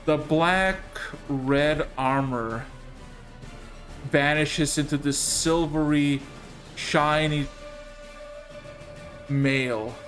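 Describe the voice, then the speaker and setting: A man narrating a tabletop role-playing session as game master, drawing out his descriptions slowly and dramatically. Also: on the high side, a bit bright, faint music behind.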